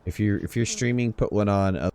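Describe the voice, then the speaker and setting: A man's voice: fairly low pitch, fast, a little mellow, a little hiss or hum. A young man hosting a casual multiplayer game stream, joking and laughing often with his teammates. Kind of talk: casual gaming chat.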